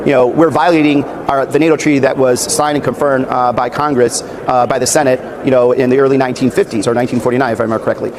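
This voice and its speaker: Brief: male senator, quick earnest answers full of uhs, outdoor interview clip, crowd loud behind. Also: mid-range voice, flat delivery. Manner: earnest, with filler uhs and restarts.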